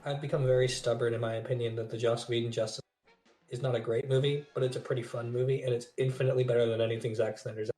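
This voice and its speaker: A man co-hosting a podcast in casual chat, excitable, swearing and laughing often, recorded in an echoey room. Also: mid-range voice, fast talker, faint music behind. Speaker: podcast co-host.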